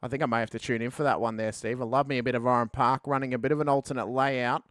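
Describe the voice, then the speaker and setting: Excitable race commentator. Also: male voice, medium pitch, racing, no room sound, clean studio sound. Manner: excitable play-by-play calling the finish. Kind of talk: sim racing commentary.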